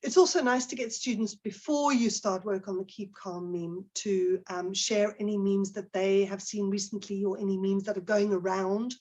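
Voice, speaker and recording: A husky, slightly breathy woman speaking into a computer mic on a video call. She is middle-aged and presents to teachers in a relaxed, conversational way. She throws questions to her audience. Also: mid-range voice, normal speed, hardly any pauses. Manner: conversational, with many fillers and restarts, asks the audience questions. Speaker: teacher trainer giving a webinar talk.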